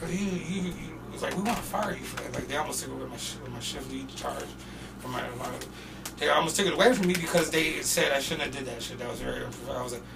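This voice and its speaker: Animated high-voiced man telling wild stories. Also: quick pace, creaky, far from the mic, a crowd in the background. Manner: animated, loud bursts when retelling, heavy slang and swearing. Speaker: podcast guest. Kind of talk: casual storytelling.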